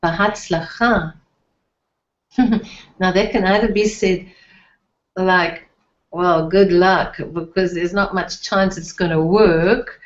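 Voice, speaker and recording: A woman teaching everyday phrases in a language lesson, slowly repeating each word with care. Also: mid-range voice, steady tone. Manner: slow, careful repetition of phrases. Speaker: Hebrew teacher. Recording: echoey, dull lo-fi room sound.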